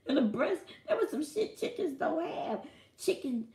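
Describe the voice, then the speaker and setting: A woman from the United States, a live streamer telling a profane, animated story and laughing often, alone in a small room at home. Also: high voice, moderate pace, roomy sound. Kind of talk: casual storytelling monologue.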